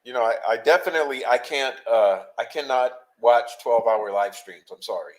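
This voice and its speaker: A man's voice: mid-range voice, fairly quick, poor audio. Chatty man hosting a late-night stream. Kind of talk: casual chat.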